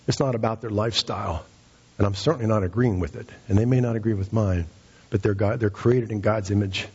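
Husky middle-aged preacher guy, gets loud and high on the big points, kinda muffled sound. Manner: fervent, climbs to high emphatic peaks. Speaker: pastor. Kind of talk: sermon.

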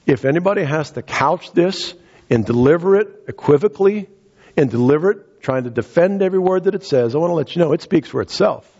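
A man preaching a sermon as pastor, earnest, repeating words and rising in pitch for emphasis. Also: expressive, a little fast, darkish tone, breathy edge, muffled recording.

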